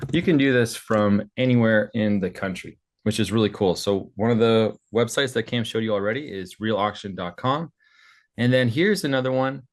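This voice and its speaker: A man giving a casual, chatty screen-share walkthrough of websites, thinking aloud as he goes. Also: lowish voice. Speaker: business partner walking through websites.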